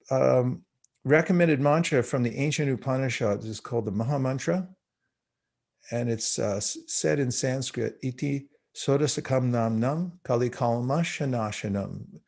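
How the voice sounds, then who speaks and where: A man in his sixties giving a guided spiritual talk over a video call, teaching in an unhurried, measured way with frequent pauses. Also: medium pitch, darkish tone. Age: 60s.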